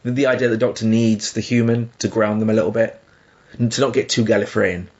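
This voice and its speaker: A man co-hosting a podcast, talking in an animated, emphatic way with laughing asides. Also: fairly low pitch, quick pace, highs cut off. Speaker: podcast co-host. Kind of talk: casual discussion.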